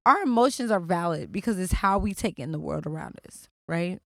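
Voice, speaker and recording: A young woman co-hosting a podcast, telling stories in a blunt, profane and animated casual chat. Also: on the low side, a little fast, creaky, no room sound, studio quality. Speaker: podcast co-host.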